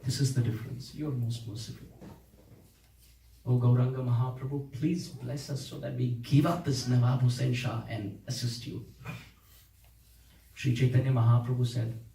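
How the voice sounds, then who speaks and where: A man's voice: medium pitch, level tone, moderate pace, vocal fry, long pauses, mellow, slight background noise. A man giving a devotional lecture, telling a saints' story with dramatic, emotional dialogue. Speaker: spiritual teacher. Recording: echoey room, voice from a distance.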